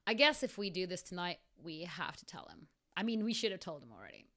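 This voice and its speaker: A woman's voice: lowish voice, very animated, brisk, pushed and bright. A woman with a South African accent, reading her own story aloud on a podcast and stopping often to chat and laugh. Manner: chatty, laughs often, breaks off to comment.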